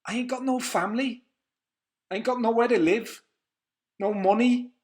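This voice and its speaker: A man voicing an angry, defiant young male prisoner who swears bitterly and shouts. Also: extremely high pitch, moderate pace, voice pushed up. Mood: furious, bitter.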